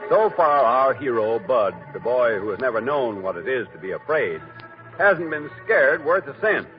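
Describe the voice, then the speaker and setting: A man narrates a fairy tale for an old radio show in a dramatic storytelling manner. His voice rises and falls in a lively way, with fiddle music playing behind him. The recording is dull and lo-fi. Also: medium pitch, moderate pace.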